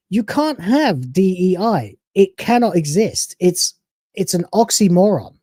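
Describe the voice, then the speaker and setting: Streamer host, man, mellow tone, dry close mic, profane ranting commentary. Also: high voice, very animated, no echo. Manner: profane, ranting, quick to laugh. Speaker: streamer reacting to a video.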